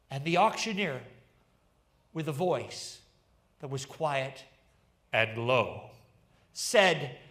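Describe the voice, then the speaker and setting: A man preaching a sermon to his congregation, telling stories earnestly and dropping to a hush on key lines. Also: medium pitch, animated, drawn-out words, pauses often. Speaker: pastor. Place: church livestream.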